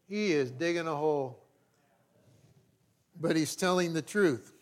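A male pastor preaching a sermon. He reads scripture aloud with emphasis, then breaks into conversational asides and sudden quiet remarks. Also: on the high side, unhurried, long pauses.

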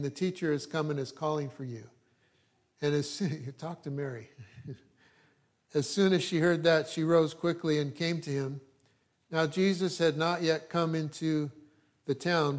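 Guy reading bible passages in a sermon, kinda high voice, gets loud on the quotes then goes soft n chatty. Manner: reads scripture with rising emphasis, drops to quiet asides. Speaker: preacher. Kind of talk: scripture reading with commentary.

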